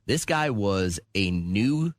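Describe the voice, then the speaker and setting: A man's voice: lowish voice, sing-song, slow pace, no echo. A man co-hosting a radio show, chatting casually and telling joking stories. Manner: joking storyteller, acts out quotes. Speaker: radio co-host. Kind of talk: casual morning radio banter.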